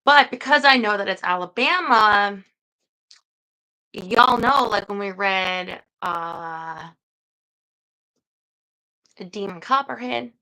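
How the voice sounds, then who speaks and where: A woman hosts a casual livestream and chats to her viewers without a script, wandering from thought to thought with frequent fillers. Her voice has a bright, forward edge. Gravelly fry creeps into many of her phrases. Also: mid-range voice, slow, long pauses, rough recording. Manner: rambling, hesitant, many fillers. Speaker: book-reading livestream host.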